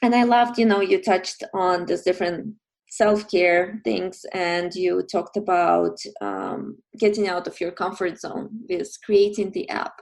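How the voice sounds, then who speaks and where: A woman's voice: fairly low pitch, expressive, measured pace, creaky, a little mellow. A woman hosting a podcast, agreeing with her guest and asking encouraging questions in a conversational interview. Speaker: podcast host.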